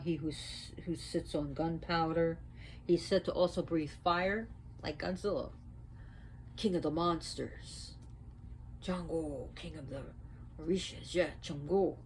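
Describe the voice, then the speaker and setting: Lower-voiced woman telling a myth casually. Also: slight background noise, low-quality recording. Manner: conversational, animated retelling. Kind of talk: casual storytelling lesson.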